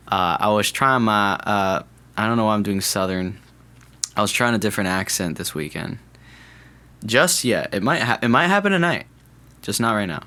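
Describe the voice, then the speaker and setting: A man's voice: lowish voice, lively intonation, brisk, pushed and bright. A young man hosting a podcast, chatting casually in a rambling, jokey way, restarting and correcting himself. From California. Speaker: podcast host. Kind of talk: casual solo podcast chat.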